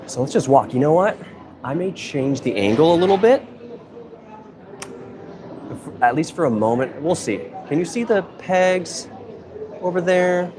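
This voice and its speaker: A man's voice: on the high side, lively intonation, unhurried, pauses often, a crowd in the background. A man hosting a casual live stream for a museum, thinking aloud in an easygoing, rambling way. He is speaking into a phone camera in an indoor museum hall with members of the public nearby. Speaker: museum content creator and live stream host.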